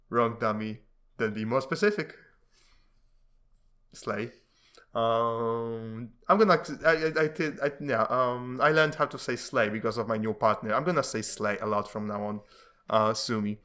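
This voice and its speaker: A man casually reading comic strips aloud, giving the characters quick voices and breaking off into rambling, laughing commentary. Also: mid-range voice, fairly bright tone. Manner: reads dialogue with shifting voices, laughs often, rambling asides.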